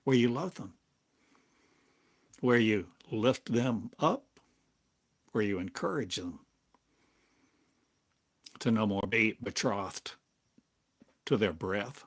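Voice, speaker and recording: An older man giving a slow, halting spiritual monologue as a teacher, speaking in drawn-out phrases with long pauses. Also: fairly low pitch, expressive, breathy edge. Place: home in a small town, drinking coffee.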